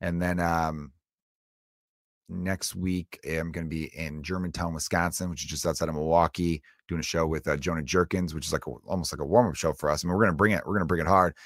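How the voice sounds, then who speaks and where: Solo on his podcast, a comedian with a slightly low voice talks fairly quickly in a loose, rambling way, tossing in animated, jokey asides. The recording is dry and close, without any room sound.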